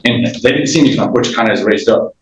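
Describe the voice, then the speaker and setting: A man's voice: medium pitch, fast talker, roomy sound, faint music behind, rough recording. A man in his thirties testifying in a courtroom, agitated and rambling, restarting his sentences and acting out what others said. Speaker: litigant in small claims court.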